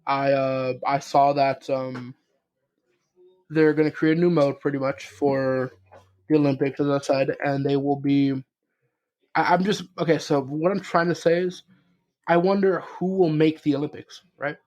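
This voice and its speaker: A man's voice: a little high, level tone, unhurried, a little mellow. Rambling young man on a podcast. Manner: rambling, many fillers and restarts, swears casually. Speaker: podcast co-host. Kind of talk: casual chat.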